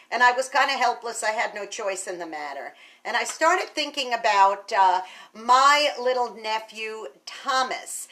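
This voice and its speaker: A woman's voice: a little high, a bit bright. A woman who manages a radio station, talking casually and earnestly to camera and telling a personal story with repeated words.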